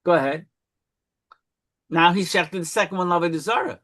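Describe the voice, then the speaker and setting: A man's voice: high voice, a little fast, fairly bright tone. A man in a Talmud study session who explains patiently, confirms what his partner says and sums up the reasoning.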